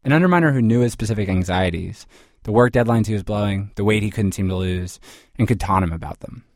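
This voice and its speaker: Low-pitched male reporter, dry close sound, wry scripted narration. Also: quick pace, a little mellow, no room sound. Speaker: podcast host reporter.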